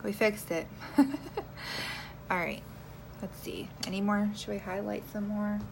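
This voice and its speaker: A woman's voice: medium pitch, slow, vocal fry, a little mellow, a little hiss or hum. A young woman chatting playfully with viewers on a phone livestream while doing her makeup. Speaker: beauty vlogger. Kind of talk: casual livestream makeup chat.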